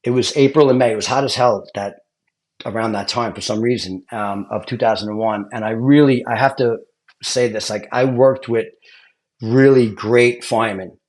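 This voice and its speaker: A retired fire lieutenant tells stories in a loose, animated way, swearing freely. His voice sits in an ordinary middle male pitch. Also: normal speed. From Brooklyn, New York. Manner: animated, swearing, acts out quotes. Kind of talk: casual storytelling chat.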